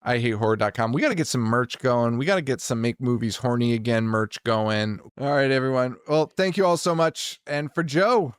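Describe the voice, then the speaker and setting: A man's voice: mid-range voice, clean tone, dry recording, studio quality. Joking, swearing podcast host man. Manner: swearing, laughing, quick joking asides. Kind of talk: casual chat.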